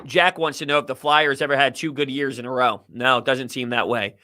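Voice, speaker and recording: A man's voice: mid-range voice, brisk. A man hosting a live sports talk stream, reading viewer comments and giving heated, opinionated takes. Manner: animated, opinionated ranting.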